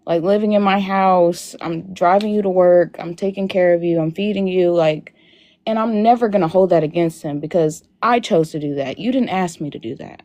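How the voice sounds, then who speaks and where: Crying as she talks, a young woman on a video call to a live Q&A rambles through a personal story, filling it with "like." Her voice is fairly low and dark, and her speed is ordinary.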